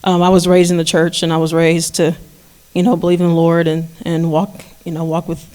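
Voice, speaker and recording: A woman coach from Texas answers a panel question, speaking softly and hesitantly with plenty of fillers. Her pitch stays fairly level throughout. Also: completely flat delivery, brisk. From San Antonio, Texas. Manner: soft, hesitant, many fillers. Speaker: college coach. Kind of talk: panel answer about faith.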